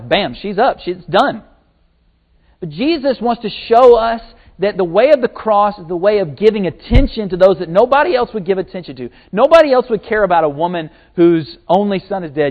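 A man preaching a sermon, retelling a story with lively acted-out quotes. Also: high-pitched, normal speed. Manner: animated storytelling, acting out quotes. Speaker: pastor. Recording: tinny phone-like sermon recording.

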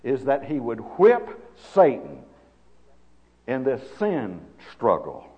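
A male preacher delivers a sermon with dramatic swings between hushed and loud passages, stretching out his key words. His voice sits at a middle pitch. The recording is dull and carries a long reverb from a church sanctuary. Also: wildly swooping pitch. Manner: drawn-out emphatic phrasing.

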